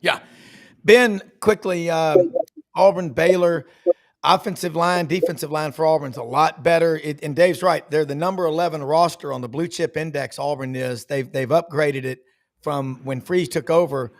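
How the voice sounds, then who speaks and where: Brisk man hosting a sports panel. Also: fairly high pitch. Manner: brisk, steers between guests. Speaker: show host.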